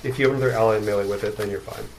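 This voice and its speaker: A man's voice: fairly low pitch, steady tone, very fast, creaky, a little mellow, a little hiss or hum. A man running a tabletop game as dungeon master, joking and laughing often with the players.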